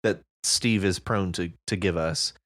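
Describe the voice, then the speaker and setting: Very deep-voiced woman, unhurried podcast co-host. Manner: relaxed and easygoing, laughs heartily, drawn-out reflective remarks. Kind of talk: casual chat about submitted stories.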